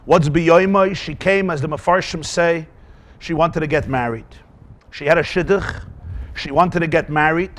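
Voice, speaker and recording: A man teaching a Talmud class as a rabbi. He talks in an animated way, asks rhetorical questions and mixes in Yiddish and Hebrew terms. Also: a little high, normal speed.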